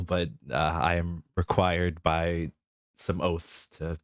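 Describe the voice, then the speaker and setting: A man's voice: low-pitched, dry recording. A young man streaming as a vtuber, chatting casually and playfully, often cracking up with laughter. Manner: giggly, easily breaks into laughter; mock-grand, playful self-introduction. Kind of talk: casual live stream chat.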